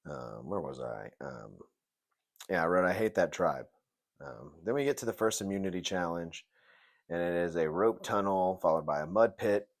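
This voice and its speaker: A man's voice: low voice, lively intonation, normal speed, gravelly. Profane, rambling man reviewing a TV episode. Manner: rambling, profane, jokey rants with mocking put-on voices. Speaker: TV show reviewer. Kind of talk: casual video review commentary.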